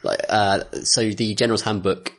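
A man with a low, husky voice chats casually about tabletop games. He mostly chimes in to agree, and when he takes a turn he sounds blunt and amused. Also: steady tone, moderate pace. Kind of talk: casual tabletop gaming chat.

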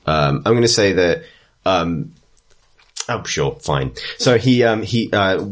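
A man's voice: low voice, animated, slow. A man narrating a tabletop game as game master, rambling with many restarts. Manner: rambling, full of ums and restarts.

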